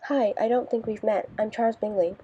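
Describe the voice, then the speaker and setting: A woman voicing a cheerful, friendly teenage boy in an audiobook, warm and upbeat. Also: a little high, steady tone, fairly quick, slight background noise, lightly acted. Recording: dull lo-fi recording.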